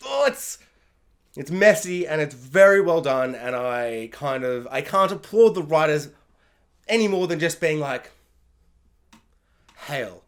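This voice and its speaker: A man's voice: a little high, lively intonation, a little slow. A man giving a casual, gushing TV episode review, rambling with lots of fillers. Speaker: TV review vlogger.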